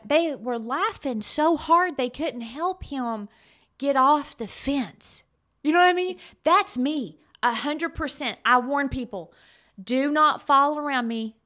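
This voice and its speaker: A middle-aged woman co-hosts a casual talk show with a slightly high voice. She tells stories in an animated way and laughs often. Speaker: podcast co-host. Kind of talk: casual chat.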